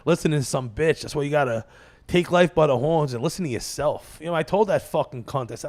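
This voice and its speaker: Brief: male comedian host, fairly high voice, worn out, swearing constantly, digressive storyteller. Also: expressive, brisk, darkish tone. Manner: laughs at his own stories. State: tired, running on fumes. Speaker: comedian hosting his own show. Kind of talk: rambling casual monologue.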